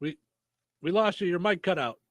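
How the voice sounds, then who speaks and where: A man's voice: high voice, normal speed, fairly bright tone, dry recording. A man hosting a radio talk show, chatting plainly and reading out show details with some fillers. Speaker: radio host.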